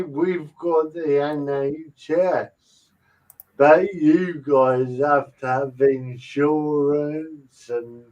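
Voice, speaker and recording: A man hosts a podcast chat, speaking very slowly and haltingly, with lots of fillers. His voice is fairly high and sounds distant from the mic. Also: lo-fi sound. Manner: slow, halting, many fillers. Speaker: podcast host. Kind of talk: casual podcast interview.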